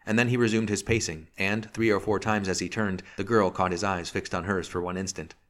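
A man reading a novel aloud as an audiobook narrator, in a measured, even way. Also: sits low. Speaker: audiobook reader. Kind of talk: scripted narration.

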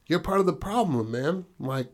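A man's voice: fairly high pitch, expressive, normal speed, pitched above the performer's own voice, lightly acted. Man putting on panicky teen boy, agitated, slangy, slightly raised voice. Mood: accusing. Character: anxious heavyset teenage boy, angry and panicky.

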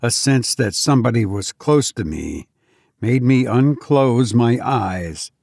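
A man reading a gothic story aloud as a narrator, measured and expressive, dropping quiet for dialogue. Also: medium pitch, dry recording, studio quality. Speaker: audiobook narrator.

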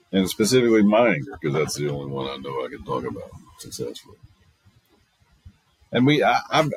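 Middle-aged guy ranting, rough husky voice, swings up and down a lot, dry room. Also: sits low, darkish tone, no room sound, poor audio. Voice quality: gravelly, husky. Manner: blunt, profane storytelling. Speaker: podcast host. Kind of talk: casual monologue.

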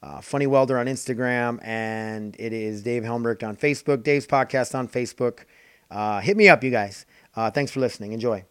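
A man's voice: medium pitch, steady tone, moderate pace, a bit bright, smooth, no room sound, studio quality. A man hosting his own podcast, rambling in an offhand, casual way and swearing freely. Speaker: podcast host. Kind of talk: casual solo podcast chat.

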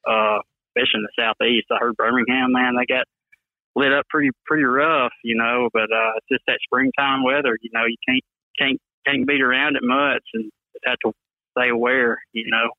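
A man's voice: medium pitch, steady tone, fairly quick, dry recording. A man in his twenties with a thick Alabama accent, a guest talking in an easygoing, drawling way, often adding "man" and "you know". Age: 20s. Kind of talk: casual phone interview. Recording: tinny dry phone line.

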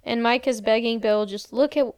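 A young woman's slightly high voice, darkish yet clear and resonant, keeps fairly even intonation at normal speed. She's co-hosting a podcast and casually retelling a movie, quoting characters and using "like" a lot. No room sound is present.

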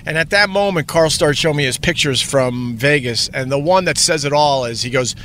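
Easygoing male podcast host, crisp bright tone, faint noise around. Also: on the high side, a little fast. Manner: easygoing storyteller. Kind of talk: casual podcast chat. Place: outdoors in the rain by a cabin.

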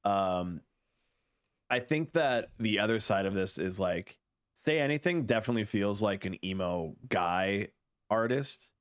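A man's voice: fairly low pitch, lively intonation, a little slow. A man in his thirties co-hosting a podcast, rambling and wry with lots of fillers. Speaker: podcast co-host. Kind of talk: casual chat.

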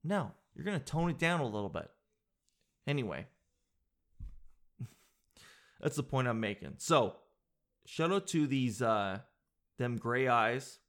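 A man vlogging casually, reacting to an internet article in a jokey, excitable way and calling the audience "dude". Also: mid-range voice, slow, pauses often. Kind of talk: casual chat reading an article aloud.

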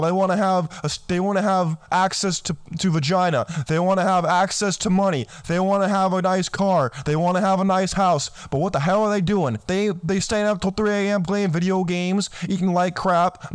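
Man, high voice, dry close sound, preachy motivational rant, scornful, blunt. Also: clear, resonant tone, no echo. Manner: blunt, scornful, repeats "my friends". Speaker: motivational vlogger.

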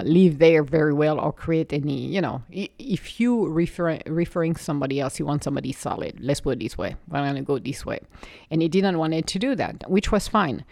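A woman with a low, gravelly voice shares a personal story of taking a leap into a new life. She talks in a loose, emotive way, circling back and restarting, with bursts of laughter. Her voice is recorded close and dry. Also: darkish tone, no room sound.

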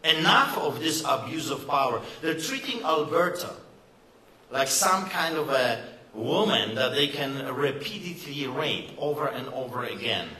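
A man's voice: mid-range voice, lively intonation, measured pace, sharp tone, roomy sound, a little hiss or hum, poor audio. A man giving an impassioned, emphatic rally speech with a sarcastic edge. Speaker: rally speaker. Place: event hall.

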